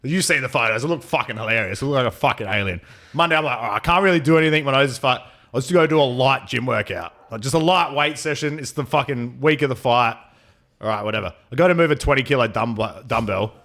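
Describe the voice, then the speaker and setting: A young man talks with a blocked, nasal sound and a bright, forceful edge. He is a fighter guesting on a casual podcast, and he tells his stories in a swear-heavy, rambling way. His pitch sits in the middle range. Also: fast. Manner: profane, rambling storytelling.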